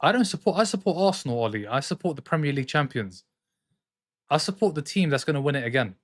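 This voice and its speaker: Brief: male streamer, slightly high voice, excitable live football reaction, trades banter with chat. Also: quick pace. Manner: excitable, jumps between commentary and arguing with chat. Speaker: streamer hosting a football watchalong.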